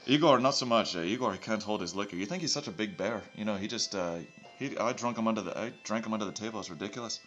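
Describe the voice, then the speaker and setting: A man's voice: fairly low pitch, quick pace, hardly any pauses, a bit bright, highs cut off, soft background music, close to an everyday voice. A man voicing a bumbling male secret agent who keeps swapping between broad put-on accents, rambling through his mission report. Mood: hammy.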